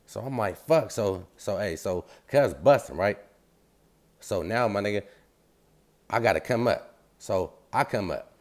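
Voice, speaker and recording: A deep-voiced man recounts a story in loose, slangy street talk. He is animated and acts out the sounds as he goes, and his low voice carries the whole tale. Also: measured pace, long pauses.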